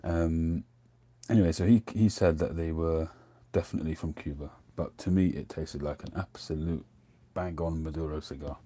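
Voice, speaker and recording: A man's voice: very deep voice, steady tone, normal speed, dark tone. A middle-aged man, hosting a casual livestream chat, rambling and drifting off topic as he talks. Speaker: host.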